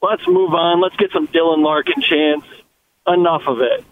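A man's voice: a little high, fairly even intonation, moderate pace. A man calling in to a sports radio show, ranting in a fired-up way. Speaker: caller. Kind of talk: call-in radio chat. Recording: tinny phone line with faint noise.

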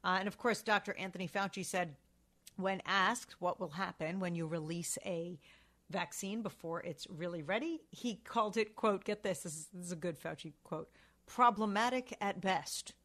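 A woman's voice: on the low side, normal speed, fairly bright tone. A woman co-hosting a talk show, chatting about the news in an opinionated way with sarcastic asides.

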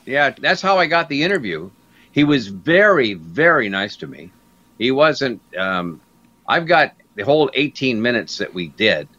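Speaking a little slowly in a mid-range voice, an older broadcaster from Canada shares career anecdotes as an interview guest. He brings the stories to life by acting out the people he quotes, and the lo-fi recording sounds dull.

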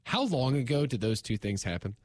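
A man's voice: medium pitch, very animated, fairly quick, no room sound. A man co-hosting a radio show, putting teasing, dry questions to the host.

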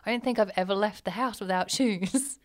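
A woman's voice: mid-range voice, brisk. Chatty, laughing woman. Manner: laughs often, chatty and playful. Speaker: podcast co-host. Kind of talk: casual chat.

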